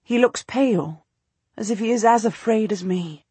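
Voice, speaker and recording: Breathy woman narrating an audiobook. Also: on the high side, moderate pace, warm tone, no echo. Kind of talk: first-person historical novel narration.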